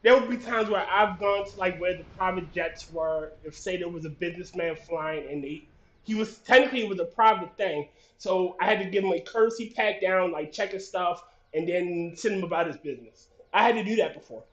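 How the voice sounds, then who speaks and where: A man's voice: high-pitched, brisk, fairly bright tone. A man chatting casually on a podcast, rambling and restarting, swearing freely. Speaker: podcast co-host. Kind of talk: casual chat. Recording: roomy lo-fi voice chat.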